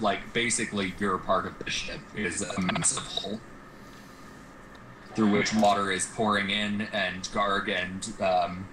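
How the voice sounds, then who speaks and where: A man's voice: fairly low pitch, background noise. A man narrating loosely as game master of a tabletop game, with casual fillers.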